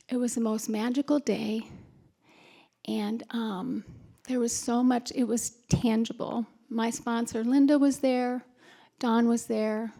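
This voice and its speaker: A woman's voice: fairly high pitch, vocal fry, warm tone. A woman speaking at a recovery retreat, telling personal stories to an audience in a candid, self-mocking way with laughs and fillers. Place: retreat conference hall.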